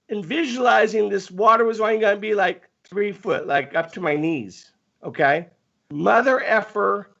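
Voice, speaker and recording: Guy with a high gravelly voice, stumbling over his words as he tells a story, kinda dull lo-fi sound. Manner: animated, stammering restarts. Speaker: guest telling a story. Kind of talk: casual storytelling.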